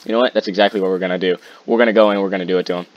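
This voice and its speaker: A man giving live commentary while playing a game, excitable and quick to repeat himself in bursts. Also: low voice. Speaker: gaming YouTuber. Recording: muffled lo-fi mic with faint hiss.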